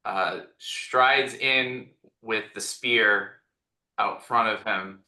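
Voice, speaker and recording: A man playing a tabletop game, speaking gruffly in character and often tagging "eh?" onto his lines. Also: fairly low pitch, very slow, pushed and bright, roomy sound. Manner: gruff, drawling, ends lines with "eh?". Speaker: player.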